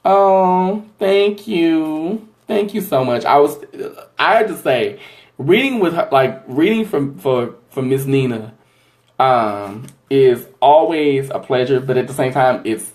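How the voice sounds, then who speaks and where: A man's voice: medium pitch, expressive, a little slow. A man hosting a live tarot reading, chatty and effusive, who calls his viewers honey and y'all and keeps thanking them. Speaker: psychic tarot reader hosting a live stream. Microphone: livestream from a phone or webcam.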